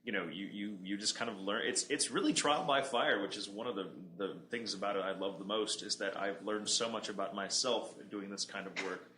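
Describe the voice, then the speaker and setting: A man's voice: on the low side, a little fast, hardly any pauses, sharp tone. A man, a voice actor co-hosting a casual podcast chat, talking reflectively and rambling with many restarts. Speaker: voice actor and co-host. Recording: roomy echo, faint background noise.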